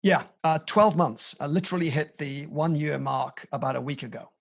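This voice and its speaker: A middle-aged British man tells his story with animated energy and playful asides. His voice is fairly high and gravelly, and the audio sounds dull and lo-fi. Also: moderate pace. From Britain. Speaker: company CEO, guest. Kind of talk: conversational interview.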